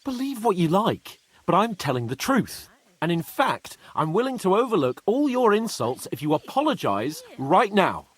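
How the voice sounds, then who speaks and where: A man's voice: sits high, very animated, moderate pace, slightly rough, dry recording, exaggerated voice. An actor playing a pompous, touchy young nobleman in a video game, speaking in a haughty, indignant way.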